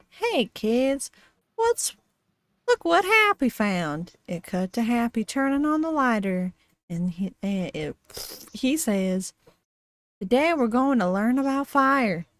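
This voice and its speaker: Slow, giggly woman streamer. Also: a little high, no room sound. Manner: giggly, with frequent laughs and dry asides. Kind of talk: casual reading of a horror story aloud.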